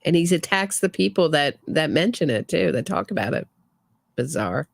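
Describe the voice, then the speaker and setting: A woman's voice: sits low, animated, normal speed, creaky, no room sound. A woman hosting a true crime commentary, talking casually and sarcastically with frequent restarts. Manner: opinionated, sarcastic, trailing restarts.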